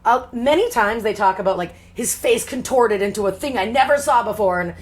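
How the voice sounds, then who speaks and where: A woman co-hosting a casual podcast chat, animated and swearing freely as she retells a story. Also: on the high side, brisk. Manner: animated, swears, acts out characters' lines. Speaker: podcast co-host.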